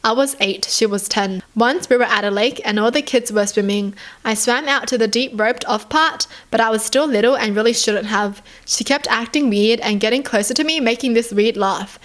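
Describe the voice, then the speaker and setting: A woman's voice: on the high side, moderate pace, few pauses, fairly bright tone. Young woman reading stories and reacting. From Australia. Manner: indignant outbursts and sighs between readings. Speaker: YouTuber.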